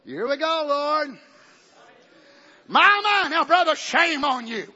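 A male pastor preaching a fervent sermon in a church, swinging between shouting and hushed talk. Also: extremely high pitch, big pitch swings, takes it slowly. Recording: dull recording with long hall reverb.

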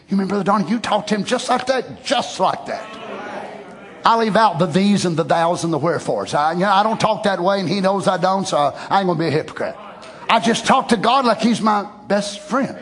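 A man's voice: sits high, expressive, a little fast, a bit bright. A middle-aged man preaching a sermon in a folksy, conversational way that swells into emphatic exclamations. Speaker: pastor.

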